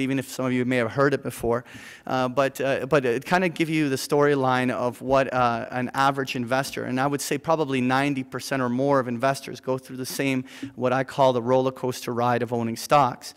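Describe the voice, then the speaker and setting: Man, seminar instructor, animated storyteller, lots of fillers, reverberant lecture hall. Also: mid-range voice, smooth. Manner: animated storytelling, many fillers and tag questions. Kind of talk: live investing seminar talk. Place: lecture room with an audience.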